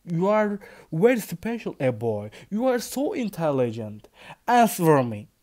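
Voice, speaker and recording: A man's voice: high-pitched, big pitch swings, measured pace, dark tone, pitched above the performer's own voice. A man with a Turkish accent voicing a stern father who lectures his young son firmly in a read-aloud story. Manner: firm, lecturing.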